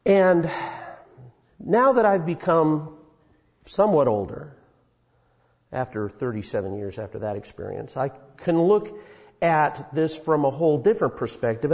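A man's voice: medium pitch, darkish tone. A man in his fifties preaching a sermon, telling a story in a folksy way with many fillers. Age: 50s. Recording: dull sound in an echoey hall.

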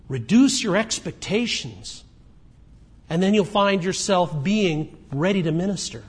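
A man preaching a sermon in a conversational way, moving between emphatic points and quiet asides. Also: sits high, big pitch swings, a little slow, husky. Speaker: pastor.

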